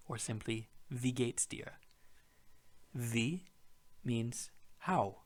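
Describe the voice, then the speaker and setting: A man's voice: mid-range voice, very slow, long pauses. Patient man teaching a language lesson. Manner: clear, patient, explains step by step. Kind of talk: scripted language lesson narration.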